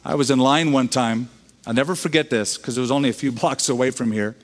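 A man's voice: mid-range voice, fast, long reverb tail. A man who is a pastor, preaching a sermon in a conversational way, bringing in humorous quoted voices.

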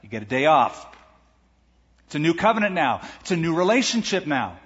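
A man's voice: a little high, big pitch swings, brisk, fairly bright tone, breathy edge. A man preaching a sermon, reading scripture and explaining it in a conversational way with asides. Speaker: pastor. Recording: echoey hall, dull lo-fi sound.

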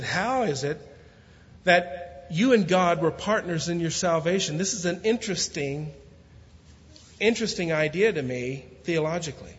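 In a large church, a guest pastor, his voice a little high for a man and with a self-described country way of talking, reads scripture steadily. Easy jokes and increasingly fervent preaching follow. The slightly dull recording carries a long hall reverb behind each phrase.

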